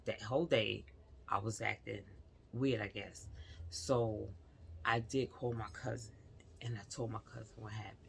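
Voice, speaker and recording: A woman telling her own story to the camera in a slow, unhurried way. Her voice is gravelly and low, and she speaks earnestly, confiding in her viewers. A faint hiss sits under the recording. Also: fairly even intonation. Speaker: vlogger.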